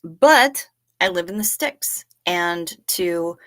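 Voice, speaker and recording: A woman's voice: lowish voice, animated, slow pace, fairly bright tone. A woman hosting a live stream, chatting casually in a joking, profane way while reading viewer comments. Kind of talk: casual chat.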